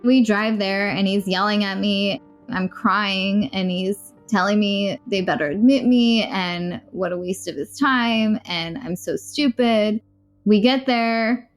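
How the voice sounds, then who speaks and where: A woman frankly recounting a hard personal experience in a podcast interview, rapid and rueful, with short laughs. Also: medium pitch, faint music behind. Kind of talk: candid personal storytelling.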